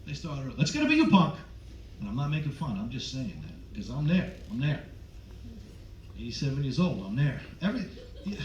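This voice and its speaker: A male comedian doing a stand-up set on a cruise ship stage, teasing the crowd loudly, with sudden jumps in pitch. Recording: echoey, distant, dull with crowd noise. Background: audience noise.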